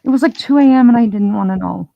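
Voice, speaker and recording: A woman's voice: a little high, fast talker, vocal fry, crowd noise. A woman host in casual chat, telling a rambling story full of restarts. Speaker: channel host.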